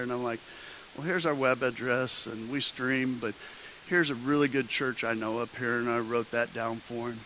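A man's voice: medium pitch, fairly even intonation, moderate pace, bright, forceful tone, a little hiss or hum, rough recording. A man preaching as a pastor, telling a personal story in a conversational way with frequent restarts and building to emphatic exhortation. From Midwestern United States. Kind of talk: sermon storytelling.

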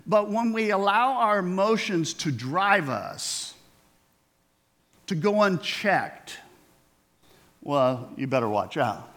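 A man's voice: sits high, lively intonation, slow, pauses often, a bit bright. A middle-aged man preaching a sermon in a conversational way, asking the congregation questions and acting out quoted voices. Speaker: pastor.

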